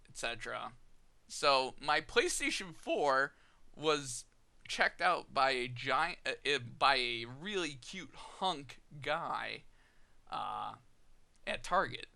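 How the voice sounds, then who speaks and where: A young man chats candidly through a personal story on his vlog, taking his time over every phrase. His voice is gravelly yet very bright and forward, and he acts out both sides of the remembered conversations. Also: medium pitch. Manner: candid, chatty, laughs often while telling a story. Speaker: vlogger.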